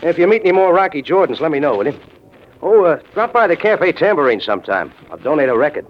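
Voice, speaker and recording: Here the 1940s radio narrator and lead, an actor voicing a dry, wisecracking hard-boiled American recounting his case, sounds a little high and sing-song and talks fast. It's a dull old radio recording with music in the background.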